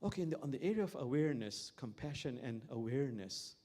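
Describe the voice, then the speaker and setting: Reflective imam telling stories. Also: male voice, medium pitch, animated, fast, mellow. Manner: reflective, repeats key phrases. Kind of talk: sermon with storytelling.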